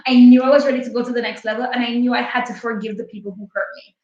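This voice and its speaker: A woman's voice: a little high, fairly even intonation, very fast, darkish tone. A woman in her late twenties hosting a livestream, telling a personal story in a candid, heartfelt, chatty way. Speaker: livestream host. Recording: echoey, distant and muffled.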